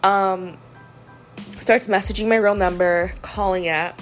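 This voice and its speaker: A woman's voice: medium pitch, steady tone, measured pace, soft background music. A young woman telling a storytime in a casual chat, frank and full of fillers, a little sick with a frog in her throat. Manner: chatty, frank, with frequent fillers. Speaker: vlogger.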